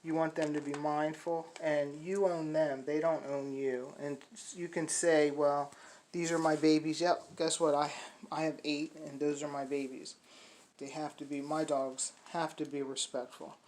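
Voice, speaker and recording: A woman's voice: level tone, unhurried, darkish tone, poor audio. A middle-aged woman, a dog breeder, chatting casually to puppy buyers on a phone video, rambling with many fillers and restarts. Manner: high sing-song baby talk to the puppies.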